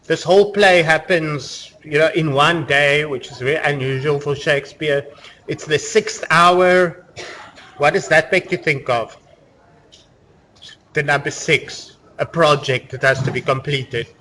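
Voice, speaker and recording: Chatty male lecturer, slightly high voice. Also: pushed and bright, slight background noise. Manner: conversational, explaining with many fillers. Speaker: university lecturer. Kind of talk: classroom lecture. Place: lecture room.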